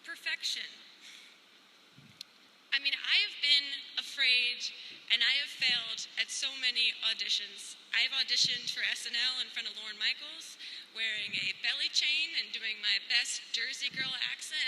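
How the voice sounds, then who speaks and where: A woman's voice: on the high side, unhurried, bright, forceful tone, slight background noise, poor audio. A young woman giving a commencement speech with playful, self-deprecating humor. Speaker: commencement speaker.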